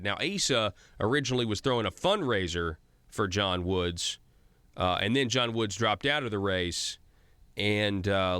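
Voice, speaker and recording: A man's voice: fairly low pitch, bright, forceful tone, dry recording. A man hosting a political talk radio show, reading through a ranking list and commenting in a conversational way with frequent fillers and restarts.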